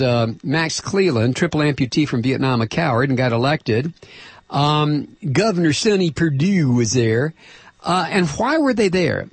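A man's voice: fairly high pitch, slightly rough, no echo. A middle-aged man hosting political talk radio, ranting in a combative and sarcastic way into a close studio microphone.

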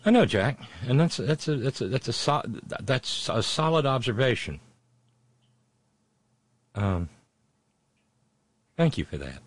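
A man's voice: mid-range voice, sing-song, unhurried, pauses often, husky, dry recording. A male talk show host reading out listener messages and commenting on them in a conversational way, with many filler sounds and blunt, sardonic remarks.

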